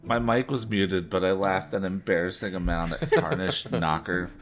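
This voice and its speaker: A man's voice: low-pitched, lively intonation. A man co-hosting a podcast, reading a novel aloud in a casual way and often breaking into laughter. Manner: reads haltingly, breaks into laughter. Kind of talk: casual read-aloud with banter.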